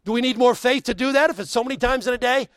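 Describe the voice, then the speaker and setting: An extremely high-pitched pastor talks fast through his sermon, swinging from forceful volume to soft hush and tossing in folksy comments between scripture readings. The recording, which carries no room sound, ends with his closing prayer and altar call.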